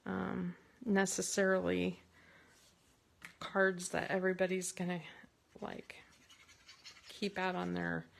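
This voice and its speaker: A woman hosting a casual card-making tutorial from her craft space, chatty and rambling, with bursts of excitement. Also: medium pitch, gravelly.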